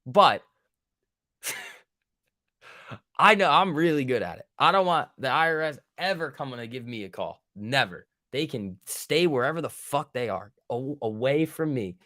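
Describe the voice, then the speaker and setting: On a dry, studio-quality recording, a day-trading livestream host offers loose, profane, joking commentary and trades banter with his chat. His mid-range voice is animated and sharp, at a moderate pace.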